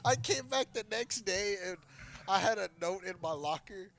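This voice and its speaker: A man's voice: high-pitched, animated, normal speed, fairly bright tone. A man telling a crude, embarrassing story on a podcast, laughing as he talks. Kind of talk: casual chat, telling a story.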